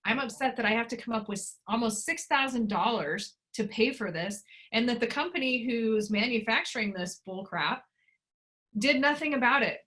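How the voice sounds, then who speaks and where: A woman's voice: on the high side, lively intonation, normal speed, fairly bright tone. A woman in her thirties in an interview, speaking bluntly and emphatically about her frustration. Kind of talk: emotional personal interview.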